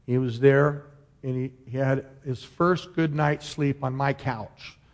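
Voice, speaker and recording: A middle-aged male pastor preaching a sermon, moving between rousing declarations and a hushed storytelling voice. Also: medium pitch, steady tone, slow. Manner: impassioned preaching, dropping to a soft storytelling voice.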